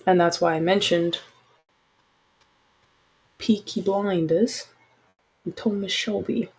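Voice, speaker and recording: A woman's voice: fairly low pitch, steady tone, takes it slowly, breathy edge, low-quality recording. A woman hosting a casual livestream, talking frankly and chattily with apologetic asides to her listeners. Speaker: podcast host.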